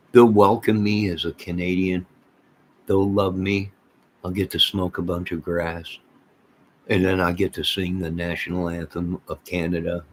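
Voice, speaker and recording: An American man rambling casually as he chats with livestream viewers, reading their comments aloud and trailing off mid-thought. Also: sits low. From United States. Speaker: livestream host chatting with viewers.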